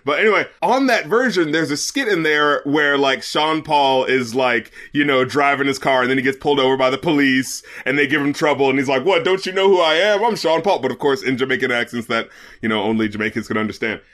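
A man's voice: medium pitch, brisk, a bit bright. A man co-hosting a podcast in casual chat, laughing often and acting out quotes in exaggerated voices. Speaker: podcast co-host.

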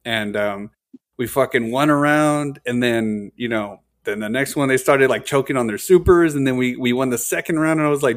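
A man's voice: medium pitch, normal speed. A young man hosting a casual podcast chat, telling a story animatedly, full of profanity and words like dude and hella.

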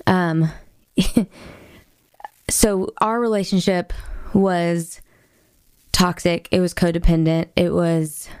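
A woman guest in a casual faith conversation, telling a personal story in an animated way with fillers. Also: lowish voice, slow pace, pauses often, smooth, no echo, clean studio sound. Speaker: guest, author.

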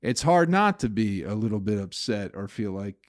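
A man's voice: lowish voice, very animated, moderate pace, dry recording, studio quality. A man hosting his own podcast, venting in a profane, bitter, rambling way about the comedy business. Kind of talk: casual solo podcast rant.

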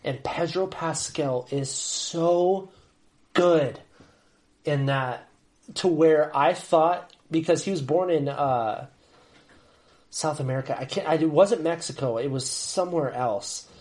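A man's voice: on the high side, takes it slowly, a little mellow. A man co-hosting a podcast in casual chat, often cutting in and restarting as he searches for names. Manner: talks over others, restarts and blanks on names. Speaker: podcast co-host.

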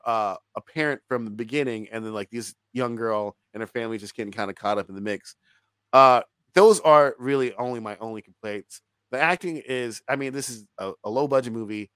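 A man's voice: mid-range voice, normal speed, fairly bright tone, clear, resonant tone, dry recording. A man co-hosting a movie review podcast in casual chat, emphatic, swearing freely and laughing often.

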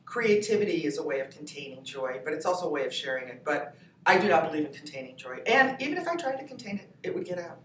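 Animated comedian woman in an echoey room. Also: sits low, fast talker, slight background noise. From New Hampshire, US. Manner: animated, laughing storyteller. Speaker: comedian guest. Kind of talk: podcast interview. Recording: echoey room, distant mic, faint ambience.

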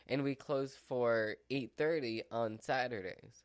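A man's voice: medium pitch, takes it slowly, few pauses, clear, resonant tone, dry recording, studio quality. A man vlogging from home in a rambling casual chat, full of "like" and "so" fillers. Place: at home with his dog. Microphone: mic within his dog's reach.

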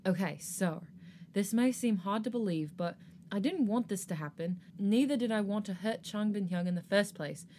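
A woman's voice: medium pitch, normal speed, mellow, slight background noise, natural voice. Woman voicing a nervous young man, pleading, apologetic, fanfic reading. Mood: remorseful.

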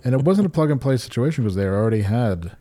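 A man co-hosts a casual podcast, talking with excited energy, swearing freely and filling his sentences with "like." His voice is warm and mellow, with a relaxed, darker tone. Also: mid-range voice, quick pace. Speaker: podcast co-host. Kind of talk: casual chat reacting to music videos.

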